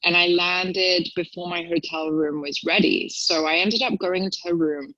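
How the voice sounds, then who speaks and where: Brief: young woman, animated storyteller, dry and slightly dull recording. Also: normal speed, no room sound. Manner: chatty storyteller, acts out quotes in a high voice. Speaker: guest. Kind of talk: casual chat.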